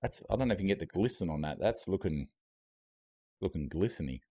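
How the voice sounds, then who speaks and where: Low-voiced Australian man eating on stream. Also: brisk, darkish tone. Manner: chatty, talking while eating. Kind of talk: casual live-stream chat. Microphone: streaming mic with noise gate.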